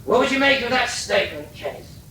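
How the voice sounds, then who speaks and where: A man putting on a brash, irreverent God who mocks and teases, his bright voice leaping up and down as he talks. The sound is roomy and comes from off the mic with a faint rumble underneath. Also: big pitch swings, fairly quick, recorded from a distance, full character voice. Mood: sly.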